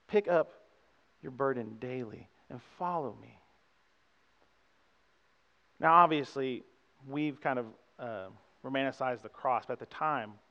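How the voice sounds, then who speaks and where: Young male pastor, chatty sermon delivery with quick asides to the room; dull, reverberant church recording. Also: medium pitch, fairly bright tone. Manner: conversational preaching with frequent "right?" asides. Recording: dull sound with long hall reverb.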